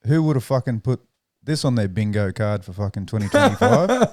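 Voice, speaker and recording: A man's voice: on the low side, wildly swooping pitch, fairly quick, darkish tone, a little hiss or hum. A man hosting a podcast, chatting casually with crude, profane banter. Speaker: podcast host. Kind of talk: casual chat.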